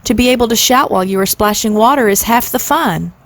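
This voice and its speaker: A woman in her sixties reading a classic children's book aloud in a gentle, steady way. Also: a little high, fast talker. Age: 60s. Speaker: storyteller, channel host.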